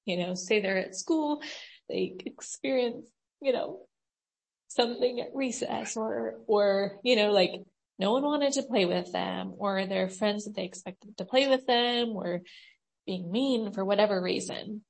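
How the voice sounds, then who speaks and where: A woman leading a group, talking in a casual, halting way with many fillers. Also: medium pitch, vocal fry.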